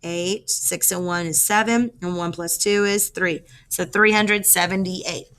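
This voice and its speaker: Woman, teacher, bright tone, step-by-step math explanation, counts aloud. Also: fairly low pitch, steady tone, measured pace, clean tone. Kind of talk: math lesson walkthrough.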